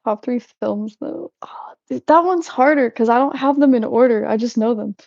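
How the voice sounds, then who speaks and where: A young livestream host rambles through a casual chat at a moderate pace, giggling, restarting sentences, and drifting between thoughts. Her slightly high voice is mellow and dark, with gravelly fry at phrase ends. The dull, lo-fi recording sounds dry and close.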